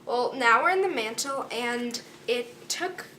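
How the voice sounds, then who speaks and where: A teenage girl narrating an amateur school skit as an explorer, halting with many fillers while reciting facts. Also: on the high side, lively intonation, far from the mic, noisy background. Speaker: student explorer presenting a school project. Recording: music playing over the voice.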